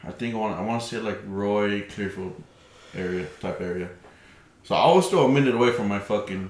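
A young man who co-hosts a podcast, telling stories in a loose, profane, laughing way. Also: on the low side. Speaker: podcast co-host. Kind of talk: casual chat. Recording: roomy echoey room.

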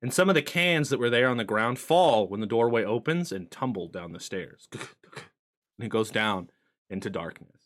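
A man narrating as game master of a streamed tabletop game, animated and swearing casually. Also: fairly low pitch, moderate pace.

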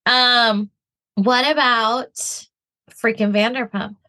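A young adult woman co-hosting a podcast in casual chat, expressive and sarcastic. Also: fairly high pitch, slow pace. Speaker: podcast co-host.

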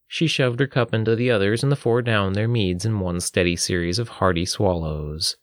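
A man narrating a fantasy storybook at a steady, even pace. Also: lowish voice, normal speed, few pauses, dry recording, studio quality.

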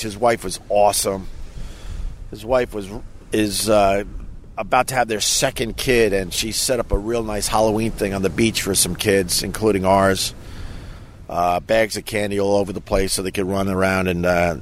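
A middle-aged man from Long Island, a radio host, rambling casually in a self-mocking way outdoors on a quiet beach, breaking now and then into loud mock rants. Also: on the low side, a little hiss or hum. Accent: faint Long Island. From Long Island, New York. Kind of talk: casual outdoor vlog monologue.

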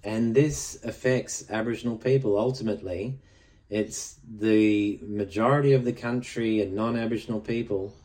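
Aussie guy doing his podcast, low voice, warm and relaxed, talks straight. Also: normal speed. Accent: Australian. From Australia. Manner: direct, plain-spoken, conversational. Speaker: podcast host. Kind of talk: earnest spoken commentary.

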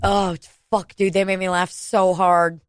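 A woman in her thirties from Kansas City, telling a casual, profane, animated story on a podcast. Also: fairly low pitch, a little slow, clean tone, no echo. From Kansas City, United States.

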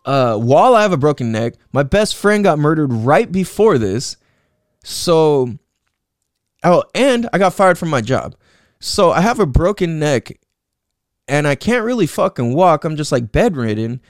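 A man's voice: fairly high pitch, very animated, a little slow, no echo, clean studio sound. A young man in his twenties telling his life story in a loose, rambling monologue, swearing often and leaning on "like" and "you know what I'm saying".

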